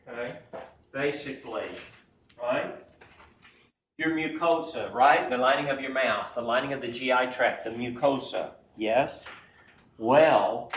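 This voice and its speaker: A man teaches a class in a relaxed, folksy way and often pauses to check that students follow. His voice sits at a middle pitch. It is picked up from across an echoey classroom, with faint room noise behind it. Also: far from the mic. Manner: folksy, keeps checking in with "right?" and "okay?". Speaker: anatomy instructor. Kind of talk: classroom lecture.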